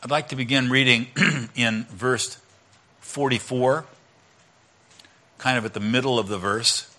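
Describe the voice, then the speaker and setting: A middle-aged male pastor giving a conversational sermon, swinging between loud emphatic lines and quiet asides. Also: mid-range voice.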